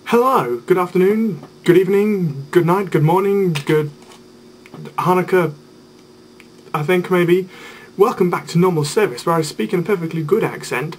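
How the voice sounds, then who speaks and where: A man's voice: high-pitched, normal speed, a little hiss or hum. A young man chatting in a playful, rambling way on his video blog, with jokey asides. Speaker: vlogger. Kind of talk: casual vlog chat.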